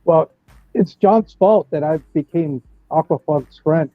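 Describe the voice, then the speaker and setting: A man calling in to a casual chat, telling a story in a relaxed way. His voice is fairly high and sounds tinny and dry, like a phone line, with faint music behind. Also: unhurried, no room sound.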